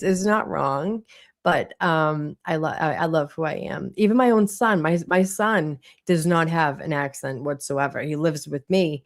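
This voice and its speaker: A woman with a thick Boston accent and a low voice roughened by vocal fry. She hosts a live stream in a chatty, rambling way, reading out viewer comments and restarting her sentences as she goes. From Boston area, US. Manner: chatty, reads chat aloud, frequent restarts. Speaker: livestream host. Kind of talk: casual live chat with viewers.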